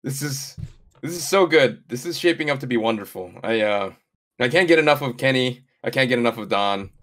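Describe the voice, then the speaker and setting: A man's voice: mid-range voice, expressive, a little fast, fairly bright tone. A man co-hosting a casual wrestling recap podcast, talking eagerly and agreeing emphatically. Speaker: podcast co-host.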